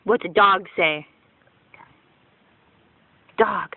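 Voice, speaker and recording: A woman filming her small children at home, asking slow, encouraging questions in coaxing baby talk. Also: mid-range voice, no room sound. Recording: tinny, phone-like home video.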